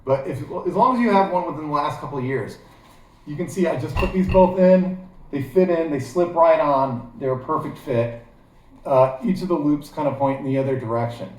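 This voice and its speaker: A man's voice: on the high side, moderate pace. A man with a Midwestern American accent from Ohio, giving a chatty, digressive how-to demonstration full of fillers. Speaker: gear how-to vlogger. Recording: very echoey room, voice far from mic.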